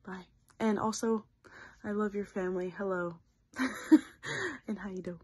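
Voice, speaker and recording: A young woman recording a heartfelt video message on her phone, halting and earnest with many pauses. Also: mid-range voice, expressive, husky. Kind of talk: self-filmed video message. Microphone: phone held by speaker.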